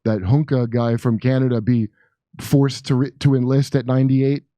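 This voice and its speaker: A man's voice: mid-range voice, fairly even intonation, moderate pace, mellow, no echo. A man talking casually about politics as a guest, rambling, profane and sarcastic.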